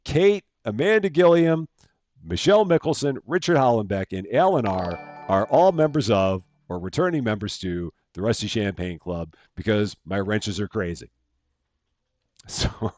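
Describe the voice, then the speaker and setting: Chatty male game streamer with a lively voice. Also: lowish voice, unhurried, dry recording, faint music behind. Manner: chatty, thanks viewers by name, laughs at himself. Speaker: streamer playing a bank simulator game. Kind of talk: casual live-stream gameplay commentary. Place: at home.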